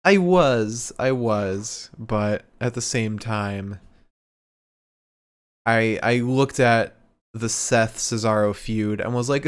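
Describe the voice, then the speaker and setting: Smooth-voiced playful man on a podcast. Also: on the low side, takes it slowly. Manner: playful, self-mocking. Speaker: podcast co-host. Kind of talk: casual chat, reading comic fan fiction aloud.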